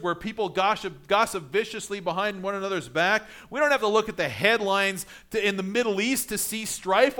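A male pastor preaching a sermon in a conversational way, building to emphatic points and then dropping low and quiet.

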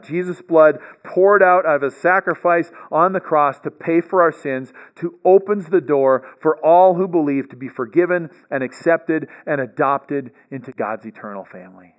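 This man teaches the bible in a lecture, working through the material step by step at a normal speed with hardly any pauses. His voice is a little high, and the sound is phone quality. He's explanatory, frequently checks in with "right?", and restarts often.

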